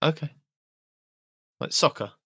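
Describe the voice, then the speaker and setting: A man's voice: slow pace, fairly bright tone, dry recording, studio quality. A man co-hosting a podcast in casual chat, giving short replies and acting out home scenes. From England. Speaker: podcast co-host.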